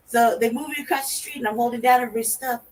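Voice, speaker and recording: A woman co-hosting a talk show, telling a profane story in a lively way and acting out her own reactions. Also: a little high, fast talker. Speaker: podcast co-host. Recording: distant mic with faint noise.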